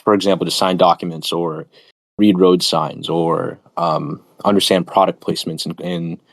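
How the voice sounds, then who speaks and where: A man's voice: sits low, fairly even intonation, normal speed, gravelly, no room sound. A man hosting a stream, chatting casually about philosophy and academia in a rambling, digressive, lecturing way with many fillers. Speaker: streamer host.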